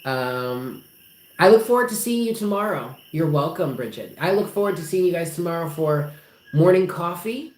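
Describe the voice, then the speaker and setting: Doing live tarot for her audience, this woman swears casually and sounds both affectionate and emphatic. Her voice sits on the low side with a darkish, expressive quality at a normal speed, and the room is roomy with faint background noise.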